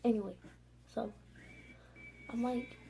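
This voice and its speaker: A woman's voice: a little high, steady tone, takes it slowly, vocal fry, warm tone, a little hiss or hum, poor audio. A young woman telling a casual storytime in her vlog, rambling with constant fillers and frequent swearing. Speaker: vlogger. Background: background music.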